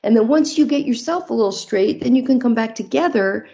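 Mellow-voiced married woman telling stories. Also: a little high, lively intonation, a little fast, gravelly, lo-fi sound. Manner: candid, storytelling, faith-based. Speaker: guest. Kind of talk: casual interview talk.

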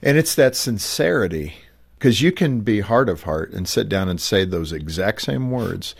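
Un homme qui anime l'entretien et pose des questions réfléchies à son invité. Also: male voice, on the low side, expressive, moderate pace, vocal fry, slightly rough. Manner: thoughtful, probing questions. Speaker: host. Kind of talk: interview hosting.

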